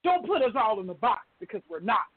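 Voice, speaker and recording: A high-voiced woman speaks with impassioned, preaching fervor as a caller to a talk show. Her voice is breathy and husky, close and dry. It comes through a narrow, phone-like line. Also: sing-song, a little fast, no room sound. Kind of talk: emotional call-in talk.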